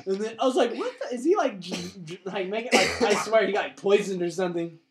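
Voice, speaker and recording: A man's voice: high voice, animated, fast, crowd noise. A young man co-hosting a podcast, telling a story in a rambling, laughing way full of filler words. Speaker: podcast co-host. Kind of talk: casual podcast chat.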